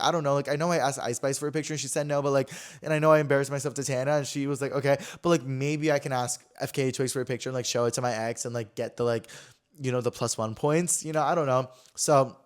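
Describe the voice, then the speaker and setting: A young man hosting his own podcast, telling a story in casual chat, full of fillers and acting out quotes in higher voices. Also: clean tone. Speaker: podcast host.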